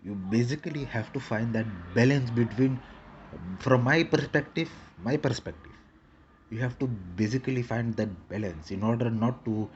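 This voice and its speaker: A man's voice: medium pitch, normal speed, muffled recording, a little hiss or hum. A man rambling in a casual monologue with a put-on Indian English accent, repeating short clipped broken-English phrases. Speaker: vlogger.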